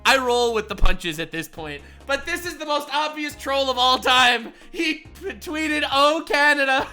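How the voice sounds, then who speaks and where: Excitable guy streamer ranting and joking, bright punchy voice, swears a lot, faint music behind. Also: normal speed. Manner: excitable, swearing, often laughing, swings from loud to low. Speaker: streamer reacting to clips. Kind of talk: comedic reaction commentary.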